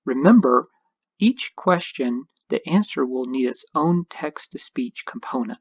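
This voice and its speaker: A man's voice: mid-range voice, expressive, a little slow, breathy edge, no echo, lo-fi sound. A man narrating a screencast tutorial, explaining each step patiently as an instructor.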